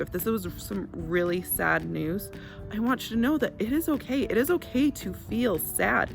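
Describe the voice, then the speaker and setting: A woman teacher recording a gentle, reassuring video message for her class while outdoors in her garden. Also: lowish voice, creaky. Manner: gentle, reassuring, speaks straight to children. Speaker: fourth grade teacher.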